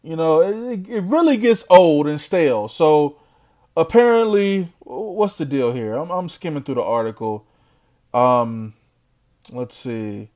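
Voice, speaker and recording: Blunt trash-talking man, slightly high voice. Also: expressive, unhurried, darkish tone. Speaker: boxing commentator. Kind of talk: casual rant to camera.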